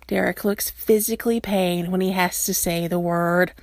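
A woman reading a fan fiction story aloud, expressive and animated. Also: on the low side, normal speed, few pauses, no echo, clean studio sound. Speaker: reader.

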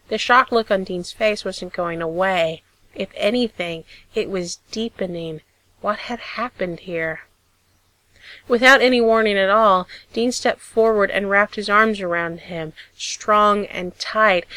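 A woman reads a story aloud in a measured, expressive way. Her voice sits in a middle pitch. The recording is close and dry with no room sound. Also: no echo. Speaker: audiobook reader. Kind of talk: storytelling narration.

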